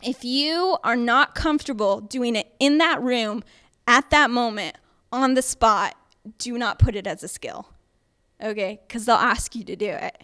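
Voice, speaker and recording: A woman's voice: fairly high pitch, a little slow, sharp tone, clear, resonant tone. A woman teaching an acting workshop, speaking emphatically and chattily with frequent fillers and check-ins with the room. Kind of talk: workshop lecture.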